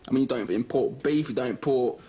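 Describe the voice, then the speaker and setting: An actor playing a cheeky young footballer from South London, full of jokey banter. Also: male voice, medium pitch, a little fast, warm tone, roomy sound, dull audio, lightly acted. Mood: mocking. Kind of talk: TV drama dialogue.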